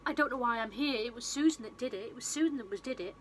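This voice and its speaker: A woman voicing a distraught young woman who insists that her imaginary friend did the killing, in a high, pleading and strained voice. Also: fast, slight background noise, lightly acted.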